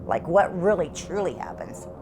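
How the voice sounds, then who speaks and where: A middle-aged woman telling an interviewer about her haunted house at home, in halting, earnest speech that repeats words. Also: on the low side, big pitch swings, background noise. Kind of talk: emotional interview testimony.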